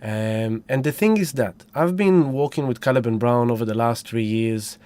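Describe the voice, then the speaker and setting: A man's voice: mid-range voice, normal speed, a little mellow. A man hosting a casual livestream, effusive and whooping as he greets viewers one by one. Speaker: livestream host.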